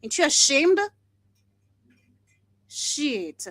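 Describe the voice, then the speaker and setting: A woman's voice: high voice, big pitch swings, extremely slow, fairly bright tone, dry recording. A young woman hosting a livestream, giving blunt, impassioned commentary, swearing often and laughing between points. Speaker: livestream host.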